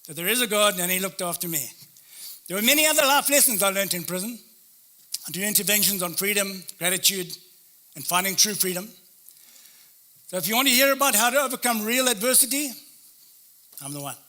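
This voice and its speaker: A man's voice: high voice, expressive, fairly quick, pauses often, sharp tone. A man, a motivational speaker, telling a first-person story in short, punchy phrases. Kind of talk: dramatic storytelling talk.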